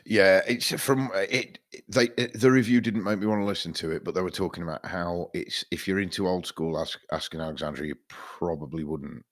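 Deep-voiced sweary man. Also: brisk, hardly any pauses, dry recording, clean studio sound. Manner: sweary, rambling storyteller. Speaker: podcast co-host. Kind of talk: casual chat.

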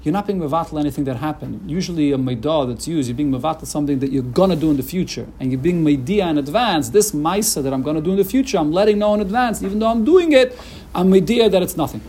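A man's voice: fairly high pitch, fast talker, dark tone, a little hiss or hum. A man teaching a Talmud lesson in English mixed with Hebrew and Aramaic terms, explaining with frequent restarts. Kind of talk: Talmud lecture.

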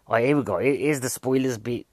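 A man's voice: mid-range voice, fast talker, no echo. Chatty man reviewing a film. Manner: chatty, jokey and rambling. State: a bit out of breath. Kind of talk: casual spoken film review.

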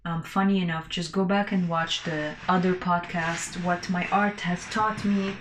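A woman's voice: fairly low pitch, fairly even intonation, measured pace, roomy sound, a little hiss or hum. A woman hosting a casual solo podcast, rambling loosely, swearing freely and laughing between her thoughts. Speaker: podcast host.

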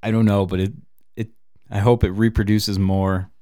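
A man hosting a podcast in loose, profane casual chat, laughing often and bursting with excitement. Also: fairly low pitch, normal speed. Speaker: podcast host.

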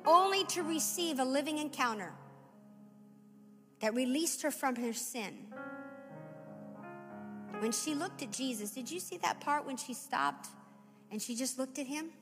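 High-voiced woman preaching an impassioned sermon. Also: sharp tone, in a large hall. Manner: impassioned, builds to fervent exhortation. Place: church hall.

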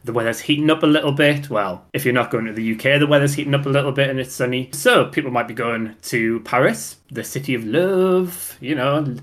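Picture a Geordie man co-hosting a relaxed podcast chat. He explains a fun fact with playful asides at a middle pitch. His talk stays easygoing and conversational throughout. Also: brisk. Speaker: podcast co-host. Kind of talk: casual chat.

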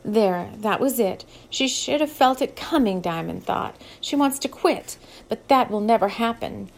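A woman reading a novel aloud as an audiobook narrator, in a steady, measured storytelling voice. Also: fairly high pitch, gravelly. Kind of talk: scripted narration.

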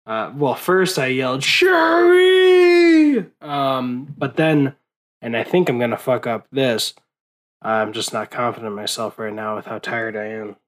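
A man's voice: on the low side, steady tone, moderate pace, low-quality recording. A young man rambling in a casual late-night monologue, worn out and swearing often, with many fillers and restarts. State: exhausted. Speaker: vlogger.

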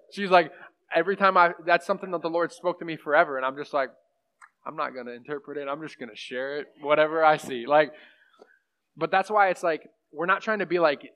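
A man's voice: a little high, fairly bright tone. A young man teaching on prophecy in a casual, rambling sermon style, full of fillers and asides to the room. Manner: rambling, conversational, lots of fillers. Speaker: pastor teaching a class. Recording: muffled lo-fi room recording.

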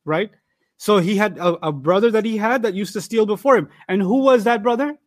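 A New York man teaches the Quran in a chatty, animated way, telling stories and acting out the dialogue. His voice is high and a little quick, captured in a dry, studio-quality recording.

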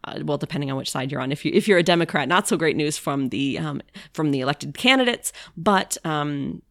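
Chatty woman podcast host with gravelly voice. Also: deep voice, lively intonation, fairly quick, a bit bright, no room sound, studio quality. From United States. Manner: chatty, many filler ums, playful wordplay. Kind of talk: casual podcast monologue.

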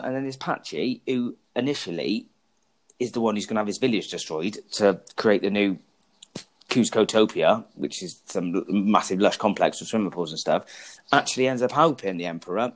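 A man's voice: fairly low pitch, animated, brisk. A man co-hosting a podcast, joking crudely and rambling through film plots. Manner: cheeky, crude jokes, rambling storytelling. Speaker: podcast co-host. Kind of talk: casual banter about films.

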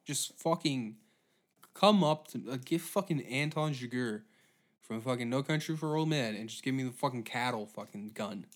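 A man hosting a comedy podcast, rambling through a profane monologue with deadpan asides. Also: mid-range voice. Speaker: podcast host.

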